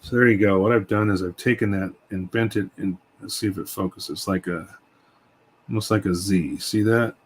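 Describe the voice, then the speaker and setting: A man casually talking through a scale model build as he works, relaxed and rambling. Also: fairly low pitch, moderate pace, a little hiss or hum, poor audio. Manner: relaxed, rambling, tells stories while working.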